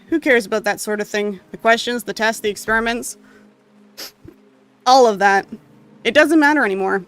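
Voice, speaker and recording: A gamer reading a story game's text aloud with emotional, expressive delivery and occasional asides. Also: medium pitch, clear, resonant tone. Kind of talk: dramatic reading of game text.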